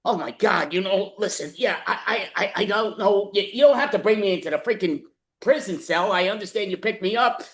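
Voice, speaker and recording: In an improv scene, a man plays a chatty male hitchhiker who's easily delighted and then panicky, gushing, stammering and blurting "oh" constantly in a frantic mood. His voice is high for a man, a bit bright and a little fast, echoing in a roomy space and sounding like it was captured over a video call.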